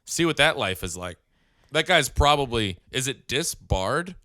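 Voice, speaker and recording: A man bantering on a casual podcast, teasing his co-host and swearing freely. His voice is bright and forward, with lively swings in pitch. The recording is close and dry. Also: measured pace, no echo. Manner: teasing, profane, eggs the other host on.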